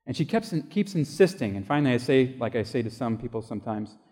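Pastor telling a story in a reverberant hall. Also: male voice, medium pitch, very animated, fast, mellow. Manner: conversational storytelling, acting out quoted voices. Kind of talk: sermon with storytelling.

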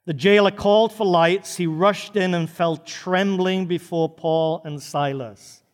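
A man's voice: sits high, fairly even intonation, unhurried. A man preaching a sermon, retelling a story with dramatic, varied pacing. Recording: reverberant church hall.

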